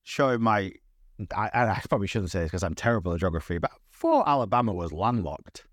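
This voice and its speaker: A man's voice: on the low side, sing-song, quick pace, fairly bright tone, no echo, studio quality. A man co-hosting a podcast, chatting about a film in a casual, self-deprecating and swearing way. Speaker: podcast co-host. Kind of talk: casual film recap chat.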